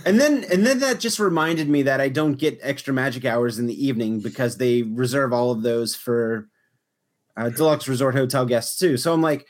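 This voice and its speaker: A young man hosting a podcast rambles through a long story in casual chat, restarting often and using lots of filler words. His voice is medium in pitch and moves at a moderate pace.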